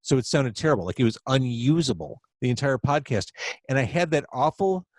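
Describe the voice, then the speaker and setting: A man's voice: mid-range voice, expressive, brisk, darkish tone, no room sound. A man hosting a podcast over a video call from home, chatty and self-deprecating, rambling with fillers as he talks. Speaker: podcast host. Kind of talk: casual interview chat.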